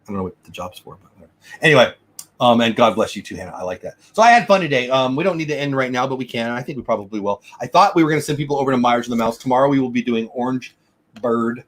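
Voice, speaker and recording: A man's voice: medium pitch, animated, rapid-fire. A man hosting a casual livestream from home, chatting enthusiastically and answering viewer comments. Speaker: livestream host. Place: home room. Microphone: desk mic.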